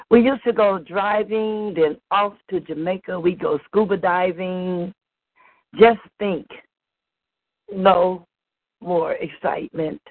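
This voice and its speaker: A woman's voice: fairly low pitch, dry recording. A woman reading a humorous poem as a guest, with a playful, dry comic delivery. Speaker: guest reader. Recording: dry, tinny phone-line sound.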